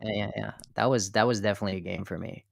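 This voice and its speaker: A man joining a live stream as a guest, excitable and hyped, talking casually. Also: lowish voice, very fast, creaky, no room sound, clean studio sound. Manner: excitable, hype, laughing bursts. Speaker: guest content creator.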